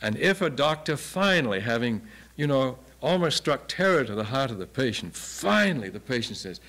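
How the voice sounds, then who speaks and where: A man's voice: mid-range voice, big pitch swings, moderate pace, fairly bright tone. Older guy teaching bible stuff, earnest, voice rises and falls a lot, lots of rhetorical questions. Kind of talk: Bible lecture.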